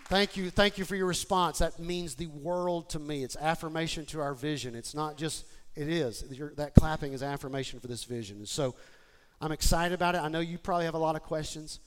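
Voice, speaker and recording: A man preaching a sermon to his church, moving from quiet, personal talk to shouted, excited appeals. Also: fairly high pitch, brisk, some chatter behind, slight background noise. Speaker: pastor. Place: church sanctuary with congregation.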